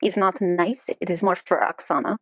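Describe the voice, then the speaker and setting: A woman's voice: on the low side, fairly even intonation, normal speed, a bit bright, no echo, low-quality recording. A woman playing a tabletop game who chattily describes what her character does, with plenty of fillers. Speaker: player.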